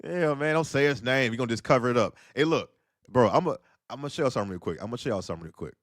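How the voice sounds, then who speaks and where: A man's voice: medium pitch, lively intonation, rapid-fire, no room sound, clean studio sound. A man hosting a casual livestream, riffing in slangy talk and laughing between points. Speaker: livestream host.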